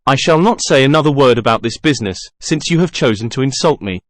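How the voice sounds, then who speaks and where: A man's voice: medium pitch, expressive, fast talker, dry recording, clean studio sound, lightly acted. A man reading the part of a proud young man who answers in a stiff, defiant way.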